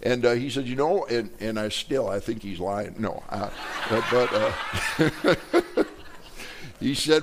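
A male pastor preaching from the pulpit in a middle-pitched voice. He talks in a loose, conversational way, stumbling over his words and restarting them. He slips jokes to the congregation between points. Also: slow, slight background noise. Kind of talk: sermon. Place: church sanctuary.

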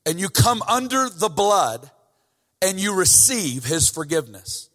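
A man's voice: high voice, big pitch swings, a little slow, fairly bright tone. A man preaching a sermon in a church, talking casually at first and then building to fervent emphasis. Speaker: guest preacher. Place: church sanctuary. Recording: church hall reverb.

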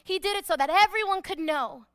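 Woman pastor, high and bright, emphatic sermon delivery with hushed repetitions. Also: brisk. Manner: emphatic, dropping to hushed repeated phrases.

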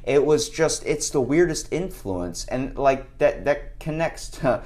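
A man in casual chat, an animated storyteller who laughs as he tells his stories. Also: mid-range voice, a little slow.

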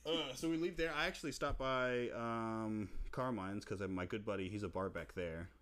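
A man's voice: lowish voice, normal speed. Laughing, swearing man telling a story. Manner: animated storyteller, mimics friends' voices, swears and laughs often. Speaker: podcast co-host. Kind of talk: casual storytelling chat.

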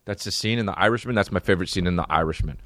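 A man's voice: sits low, racing, a bit bright, no room sound, studio quality. A man hosting a comedy podcast, rambling and cursing through a casual solo monologue. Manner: rambling, profane, full of impressions. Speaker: podcast host.

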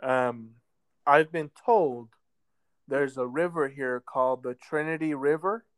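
A man co-hosting a casual podcast, laid-back and drawn-out, with many ums. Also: a little high, clean tone. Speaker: podcast co-host. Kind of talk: casual chat. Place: lives in a southern US metro area.

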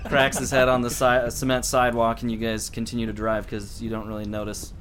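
A man's voice: mid-range voice, lively intonation, moderate pace, background noise. A man narrating a tabletop horror game as game master, rambling loosely with lots of fillers.

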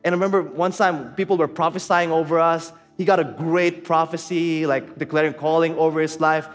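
A man's voice: a little high, steady tone, fairly quick. Filipino-accented male preacher in a reverberant hall. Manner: candid, conversational, mixing in Tagalog phrases. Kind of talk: sermon with personal storytelling. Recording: reverberant hall with faint music and crowd.

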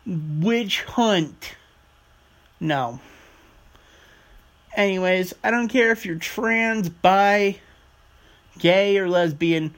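A man's voice: high voice, slow pace, pauses often, a bit bright. A man hosting his own podcast in a casual, rambling monologue, swearing freely as he talks. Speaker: podcast host.

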